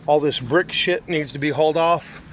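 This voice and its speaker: A property manager does a walkthrough, moving around a house and yard before heading inside, and lists the repairs still needed in a matter-of-fact way. His voice is a little high and his speed normal, and the casual spoken inspection notes carry faint background noise.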